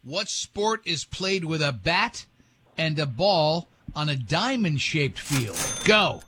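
A man hosting a morning radio show, bantering and running a quiz with quick jokes and frequent laughs. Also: a little high, sing-song, bright, forceful tone, breathy edge. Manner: joking, laughs often, quick asides. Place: radio studio.

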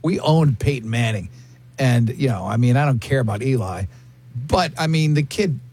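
Animated, stammering male host. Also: medium pitch, normal speed, slightly rough. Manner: animated, stammering restarts, playful. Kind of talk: casual radio-show banter.

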